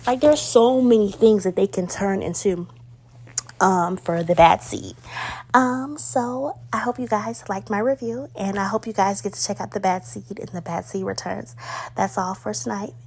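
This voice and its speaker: Woman, casual movie review, chatty, excitable, slangy, lots of fillers, mid-pitched voice. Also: normal speed, breathy edge.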